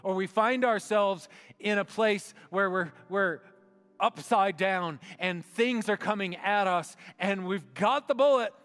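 A man preaching a sermon as pastor, reading slowly and meditatively and sinking to a hushed voice, in a church sanctuary. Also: sits high, clear, resonant tone. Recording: long hall reverb with faint music.

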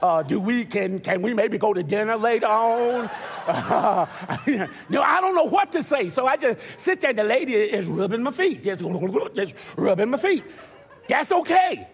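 An older man preaching a sermon as pastor, telling stories with stammered restarts and building to shouted preaching. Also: high voice, very animated, moderate pace, a little hiss or hum. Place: church sanctuary. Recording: long church reverb.

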